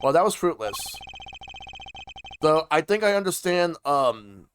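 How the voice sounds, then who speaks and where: A man's voice: a little high, expressive, unhurried, soft background music. Man reading game dialogue with voices. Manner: voices each character, drops into casual asides. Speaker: streamer.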